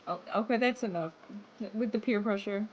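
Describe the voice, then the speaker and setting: A woman's voice: medium pitch, normal speed, highs cut off. A young woman game streamer chatting casually with her live chat and laughing often between lines. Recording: noisy room ambience.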